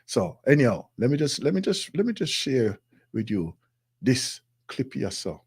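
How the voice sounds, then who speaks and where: A man's voice: mid-range voice, very animated, moderate pace, a little mellow, slightly rough. A man co-hosting a radio show, speaking hesitantly and repeating himself.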